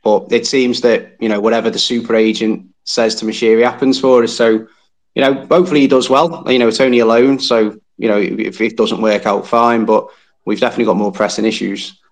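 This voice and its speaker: A man's voice: lowish voice, fairly even intonation, brisk. Wry man on a phone call. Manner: wry, dry humour, rambling. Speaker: phone-in guest, football fan. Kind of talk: casual chat.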